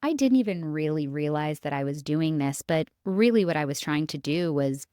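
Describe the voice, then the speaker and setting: A young woman talks through a solo podcast episode in a relaxed, candid way, scattering casual fillers through her sentences. Her voice sits a little low for a woman. The sound is close and dry, with no room around it. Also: moderate pace, smooth, dry recording. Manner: candid, conversational, many "like" fillers. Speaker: podcast host. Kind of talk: reflective solo podcast monologue.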